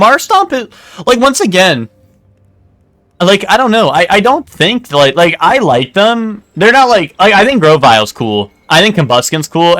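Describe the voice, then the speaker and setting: A man's voice: fairly high pitch, a bit bright, no echo. A man streaming a game, chatting casually with lots of fillers and restarts. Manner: rambling, hesitant, lots of fillers. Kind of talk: casual chat while gaming.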